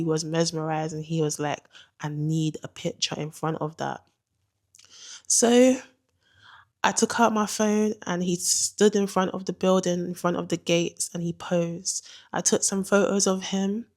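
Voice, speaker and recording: A young woman telling a dramatic story in an animated, slangy way. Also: lowish voice, moderate pace. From England. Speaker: vlogger. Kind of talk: storytime narration.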